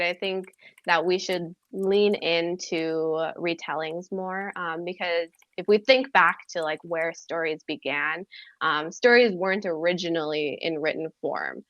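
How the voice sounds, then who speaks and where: Woman book blogger, lowish voice, lots of ums, kinda muffled dry audio. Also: a bit bright, dry recording. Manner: thoughtful, many "um"s, laughs lightly. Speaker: guest, editor and book blogger. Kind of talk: casual chat.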